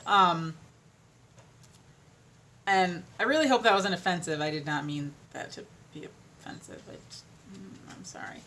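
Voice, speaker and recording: A woman's voice: lowish voice, expressive, measured pace, pauses often, fairly bright tone, slight background noise. Chatty woman vlogger, rambling and tired. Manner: rambling, self-deprecating, trails off with fillers. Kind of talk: casual chat to camera.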